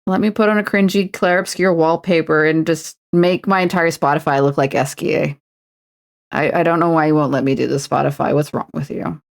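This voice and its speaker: Brisk and steady in tone, her low voice carries vocal fry. She's a Canadian woman in her twenties chatting on a livestream as she paints a miniature, playful, self-mocking, and prone to announcer voices.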